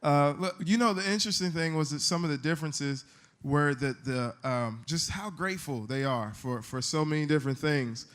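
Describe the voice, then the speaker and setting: A man speaking at a church service, telling a trip story in a relaxed, joking conversational way. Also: on the high side, normal speed. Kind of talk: sermon testimony.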